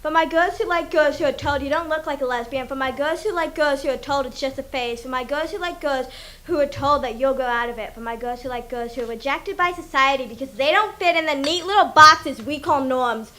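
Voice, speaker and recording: A woman performing spoken word poetry, earnest and steady, building on a repeated refrain. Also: sits high, brisk. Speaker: slam poet.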